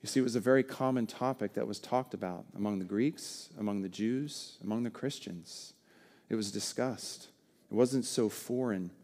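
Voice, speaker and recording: A man preaching a sermon, earnest and shifting between loud and soft for emphasis. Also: on the low side, normal speed. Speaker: pastor.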